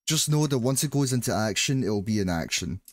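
Clean studio audio with no room sound captures a Scottish livestreamer, Glasgow-accented, talking a little fast and animated at medium pitch. He banters with viewers while gaming, rambling and frequently restarting his thoughts.

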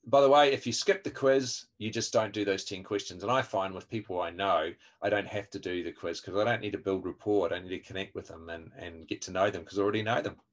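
A man with a fairly low voice leads a webinar training session. He explains things step by step, stops to quiz his listeners and answers their questions as they come in. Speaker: evangelism trainer. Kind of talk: online webinar teaching.

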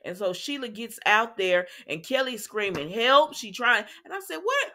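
A woman recaps soap episodes in a loose, chatty way, acting out the lines and breaking off to talk to her viewers. Her voice sits in a middle pitch, and she keeps the talk casual. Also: normal speed, slight background noise. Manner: chatty, animated retelling with asides to viewers. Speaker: soap opera recap host. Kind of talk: casual chat.

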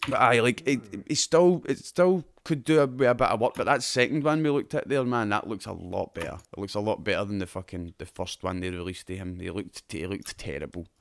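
A man's voice: on the low side, brisk, creaky, hardly any pauses. A Scottish man hosting a podcast, chatting casually with friends about games and shows, swearing and laughing often. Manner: sweary, laughing, banter-heavy. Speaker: podcast host. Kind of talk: casual gaming chat.

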